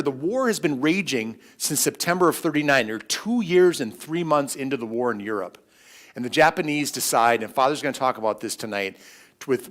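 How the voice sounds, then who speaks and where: Middle-aged male lecturer, animated storyteller, quick asides, parish talk. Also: medium pitch. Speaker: history lecturer. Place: church hall.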